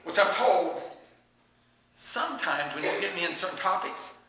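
A man preaching a sermon in an animated, joking way. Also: high-pitched, normal speed, noisy background. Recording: very echoey room.

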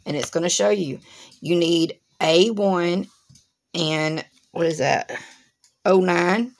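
This woman runs a crafting channel and talks her viewers through an unboxing, chatty and instructive, addressing them directly. She speaks at a slow pace in a fairly low pitch.

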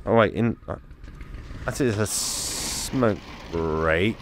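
A man's voice: on the low side, takes it slowly, noisy background. Joking man playing a VR game. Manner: joking, muttering to himself. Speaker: gaming YouTuber.

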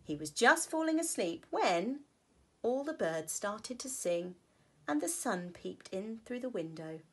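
Slow, expressive teacher reading a storybook. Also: female voice, mid-range voice, breathy edge. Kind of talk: reading a picture book to children.

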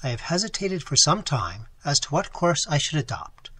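A man reading a gothic novel aloud in a dramatic, expressive style, his voice strained from long sessions. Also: a little high, normal speed, husky. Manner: dramatic, animated storytelling. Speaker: audiobook narrator.

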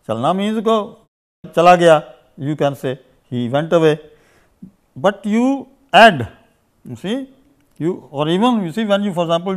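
A man teaching a grammar lesson, explaining at length with many "you see"s and "uh"s, repeating examples. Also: a little high. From India. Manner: repeats example phrases in two languages. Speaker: language teacher. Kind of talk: unscripted grammar lecture.

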